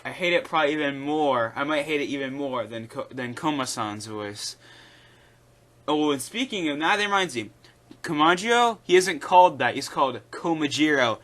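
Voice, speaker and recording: Bright-voiced man giving rambling opinions. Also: a little high. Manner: rambling, opinionated, with frequent fillers. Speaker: YouTube commentator. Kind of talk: casual opinion commentary.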